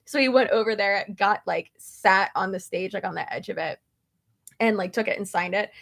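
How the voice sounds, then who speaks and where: Gravelly woman rambling through a story, lots of um and like, casual vlog chat. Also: medium pitch, normal speed. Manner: rambling, many fillers and restarts, animated. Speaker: beauty vlogger.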